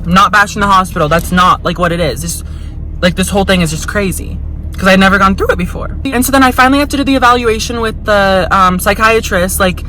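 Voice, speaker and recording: Speaking quickly in a medium-pitched voice that sounds pushed and bright, a young woman recounts a story for her casual vlog. She's chatty and frank, swears a lot, says "like" constantly, and does voices for the people she quotes. Faint music plays behind her on a rough recording.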